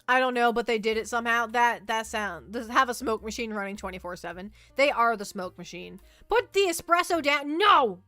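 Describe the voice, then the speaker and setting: A woman streaming as a VTuber, chatting casually in a rambling, animated way and reacting to her chat. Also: fairly high pitch, fairly quick, hardly any pauses, no echo, faint music behind. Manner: rambling, animated storytelling, reads chat aloud.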